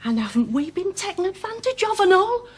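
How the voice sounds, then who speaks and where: An actress playing a blunt wife who refuses to stay. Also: female voice, very high voice, big pitch swings, brisk. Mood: indignant. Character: blunt, fed-up working wife.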